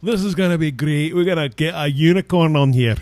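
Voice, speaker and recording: A man putting on a rowdy Scottish brogue, shouting with excitement. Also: a little high, brisk, no echo, natural voice. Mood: boisterous.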